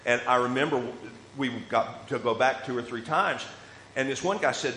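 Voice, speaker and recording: A man pastor preaching a sermon in a casual, joking way, moving between loud emphasis and quiet asides. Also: mid-range voice, steady tone, fast, a little hiss or hum. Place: church sanctuary. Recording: echoey room with faint ambience.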